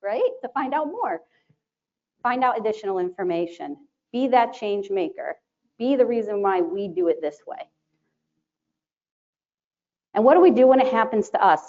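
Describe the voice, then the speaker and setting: A woman presenting to a live conference audience, chatty and animated, laughing often and acting out quotes. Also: medium pitch. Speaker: conference presenter, sterile processing educator. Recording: dull lo-fi sound.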